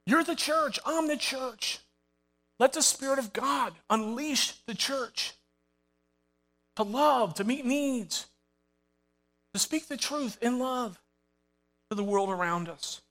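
A man's voice: very high voice, expressive, slow pace, pauses often, fairly bright tone. A middle-aged man preaching a sermon with passion, building to emphatic calls to his congregation. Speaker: pastor. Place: church sanctuary with live congregation.

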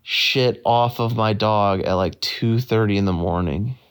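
Slow, smooth-voiced man telling a story. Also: on the low side. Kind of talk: casual storytelling.

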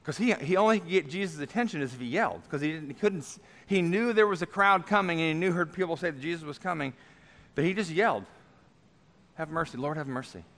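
Animated man preaching a sermon. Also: on the high side, quick pace. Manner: animated, swings between loud emphatic preaching and quiet offhand asides; conversational, thinks aloud with filler asides. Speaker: pastor.

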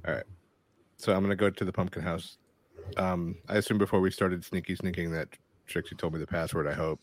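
A man's voice: sits low, fairly even intonation. A man playing a tabletop role-playing game, talking casually and speaking in character. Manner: casual, playful, voices his character in quick asides. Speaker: player.

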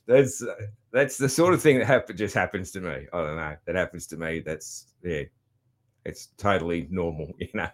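A man with an Australian accent giving a casual, rambling travel recap, swearing freely with many ums and restarts. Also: low-pitched. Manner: loud, chatty. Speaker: vlogger.

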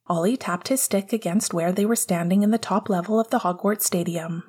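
A woman narrating an audiobook chapter in a calm, even storytelling manner. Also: mid-range voice, a little fast, few pauses, breathy edge. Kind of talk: audiobook narration of fan fiction.

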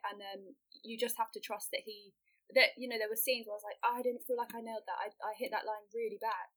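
A young Englishwoman chats as a podcast guest, telling stories with many fillers and frequent laughter. Her voice is bright and a touch high. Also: fairly even intonation, a little fast. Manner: chatty storyteller, laughs often, many fillers. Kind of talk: casual chat.

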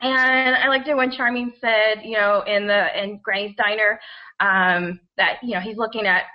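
A woman's voice: medium pitch, fairly even intonation, moderate pace, dull audio. A woman in a casual discussion, earnest and recounting with hesitant "um"s.

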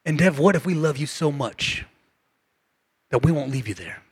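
A male pastor preaching a passionate sermon to his congregation, calling for responses and swinging between shouts and hushed lines, his voice going hoarse. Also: fairly high pitch, animated, normal speed, dry recording. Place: church sanctuary.

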